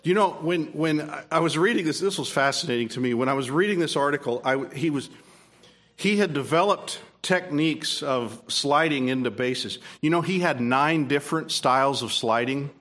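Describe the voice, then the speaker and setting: A man preaching an expository sermon, emphatic with rising peaks and quieter asides, asking questions of his listeners. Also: on the high side, normal speed. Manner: repeats and restarts phrases, asks the room questions. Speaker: pastor.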